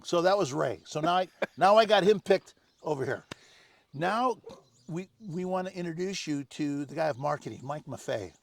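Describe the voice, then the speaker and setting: An older man, the guest, telling animated anecdotes in casual conversation, acting out other people's lines. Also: fairly high pitch, moderate pace, creaky. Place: home on Maui.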